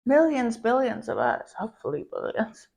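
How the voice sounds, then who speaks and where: A woman's voice: mid-range voice, measured pace, a little mellow. A woman content creator venting in a POV girlfriend role-play, swearing often and calling the listener babe. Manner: profane, ranting, calls the listener babe.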